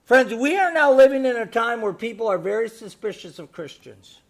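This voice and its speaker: A man preaching a sermon, moving between hushed storytelling and loud, emphatic exhortation full of rhetorical questions. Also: very high voice, animated, normal speed, creaky. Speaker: pastor.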